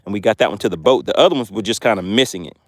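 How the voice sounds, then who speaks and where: A man's voice: on the low side, lively intonation, very fast, no echo, clean studio sound. A man on a lake boat hosting a casual fishing livestream, chatting and reading viewer comments aloud. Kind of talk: casual live-stream commentary.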